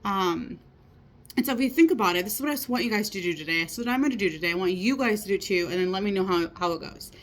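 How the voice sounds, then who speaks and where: A woman's voice: mid-range voice, expressive, fast. A woman in her thirties giving a casual motivational talk, earnest and encouraging, often checking in with her listeners. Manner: earnest, encouraging, many rhetorical "right?" asides. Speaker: motivational speaker.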